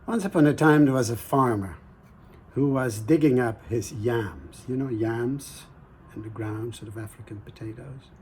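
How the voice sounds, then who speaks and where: A man hosting a show and telling a folktale in a slow, gentle, pausing way with hushed asides. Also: mid-range voice, a little hiss or hum. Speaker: storyteller, host. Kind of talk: folktale storytelling.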